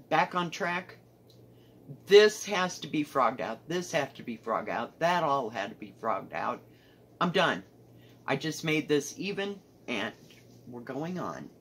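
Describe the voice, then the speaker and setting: A woman casually showing her cross-stitch projects at home, rambling candidly with soft muttered asides. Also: deep voice, a little hiss or hum. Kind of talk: casual show-and-tell chat.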